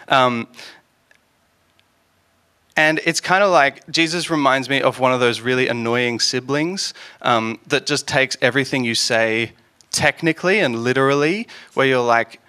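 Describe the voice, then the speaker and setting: A man delivers a casual sermon in a bright, forceful voice. He talks in a chatty, joking way, full of ums and restarts. His pitch sits in an ordinary middle range. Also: measured pace, clean tone. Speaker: preacher.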